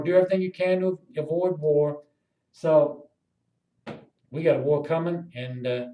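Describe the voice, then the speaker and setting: A high-voiced man talks straight to camera in a long, rambling monologue. He curses freely and lurches between loud outbursts and low, muttered asides. His voice rings around an echoey room. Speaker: video blogger.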